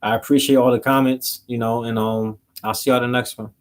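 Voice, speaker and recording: A man's voice: mid-range voice, little pitch movement, brisk. Slangy man telling a story. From Philadelphia. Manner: loose, slangy, rambling with fillers. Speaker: vlogger. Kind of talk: casual storytelling to camera.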